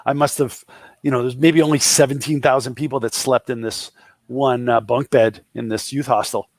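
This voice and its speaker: A man's voice: mid-range voice, fairly even intonation, moderate pace, a little mellow, dry recording. A man in his fifties from the Boston area with a Boston accent, telling jokey stories as an interview guest and voicing the people in them. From Boston area, USA. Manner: joking anecdotes with voiced quotes of others. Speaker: guest, entrepreneur. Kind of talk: casual interview storytelling.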